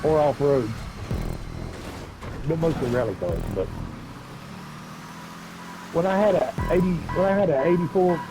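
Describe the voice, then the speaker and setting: A man's voice: fairly high pitch, unhurried, pauses often, music in the background, low-quality recording. A middle-aged man, hosting a live game stream with laid-back, rambling, folksy talk. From Southwest Virginia, USA. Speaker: streamer and race host. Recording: game car noise behind voice.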